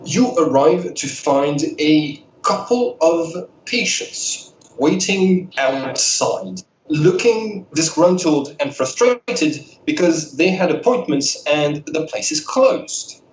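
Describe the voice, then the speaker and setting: A man narrating as game master of a tabletop game in a measured, descriptive way. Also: fairly high pitch, expressive, echoey room, slight background noise, poor audio.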